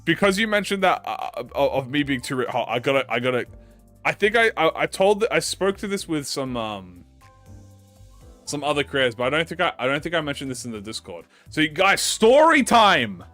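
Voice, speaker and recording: A man talking as a gaming YouTuber in a casual story-time chat, excitable, swearing a lot and restarting his sentences. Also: fairly high pitch, fairly quick, no echo, faint music behind.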